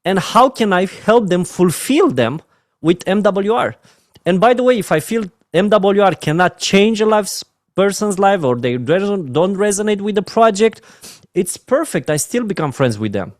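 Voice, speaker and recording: A man with a Romanian accent giving an earnest, emotional motivational training talk on network marketing, often dropping his voice to a soft "my friends". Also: high-pitched, very animated, normal speed, no room sound, clean studio sound.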